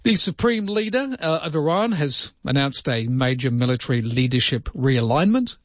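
A man's voice: mid-range voice, lively intonation, normal speed, dry recording, muffled recording. A man hosting talk radio, wry and rambling with jokey asides. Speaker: radio host.

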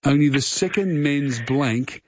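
Speaking in an unhurried, mid-range voice with lively intonation, this Australian man hosts a phone-in quiz on talkback radio. The casual chat is friendly and meandering, with fillers and false starts. It comes through as a slightly muffled radio broadcast without echo.

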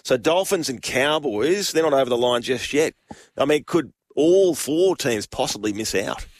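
A man's voice: mid-range voice, lively intonation, normal speed, no echo, studio quality. A man with an Australian accent presenting sport on the radio, upbeat and chatty.

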